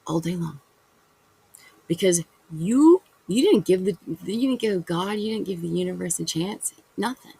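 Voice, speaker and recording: This vlogger's spiritual monologue to camera is loose and rambling, full of fillers, self-corrections and acted-out imagined exchanges. The medium-pitched voice moves at normal speed with lively intonation and hardly any pauses, sounding gravelly, mellow and slightly rough over poor audio.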